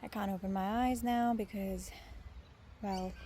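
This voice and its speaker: A young woman in a sunny park, talking softly and gushing about nature to a hand-held phone camera. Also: mid-range voice, steady tone, unhurried. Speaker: vlogger. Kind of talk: casual vlog to camera. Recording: faint outdoor noise. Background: birds and outdoor ambience.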